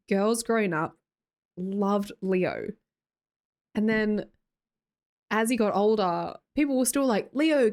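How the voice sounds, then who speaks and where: A young woman with an Australian accent chats her way through a livestream, reading out viewer messages and breaking into laughter often. Her pitch sits in the middle range. She talks casually and keeps up an easy running commentary. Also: a little mellow. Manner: chatty, laughs often, reads chat comments aloud. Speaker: livestream host.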